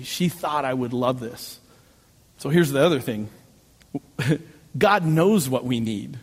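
A male pastor preaching in a church sanctuary, his voice sitting a little high for a man and trailing off into the long reverb of a large hall. He tells personal stories in an animated way and pokes fun at himself as he goes. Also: husky. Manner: animated storytelling with self-mocking jokes. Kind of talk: sermon.

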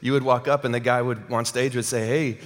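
A man preaching a sermon in a church, conversational, repeating words and filling pauses with ums. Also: mid-range voice, level tone. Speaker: pastor. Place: church sanctuary. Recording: hall reverb.

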